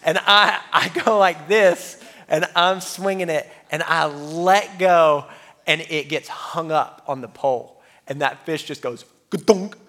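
A pastor, a man, telling a lively personal story in his sermon and laughing at himself, before reading scripture. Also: fairly high pitch, slow. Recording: long hall reverb.

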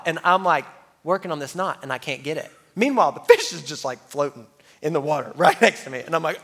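A pastor, a man, telling a lively personal story in his sermon and laughing at himself, before reading scripture. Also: on the high side, quick pace, slightly rough. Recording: long hall reverb.

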